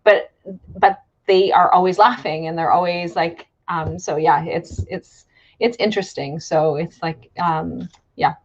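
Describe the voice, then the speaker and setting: A woman's voice: fairly low pitch, measured pace, lo-fi sound. Chatty woman on a video call. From Canada. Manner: rambling, many fillers, laughs often. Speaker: host. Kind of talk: casual interview chat.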